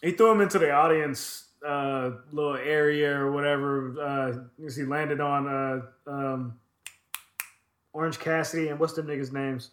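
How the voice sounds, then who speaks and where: On a casual podcast, a man rambles loosely through a wrestling recap, swearing freely and filling gaps with "uh" and "um." His voice is a bit higher than most men's, a little bright, steady in tone and measured in pace, and the room echoes around him. It's casual chat.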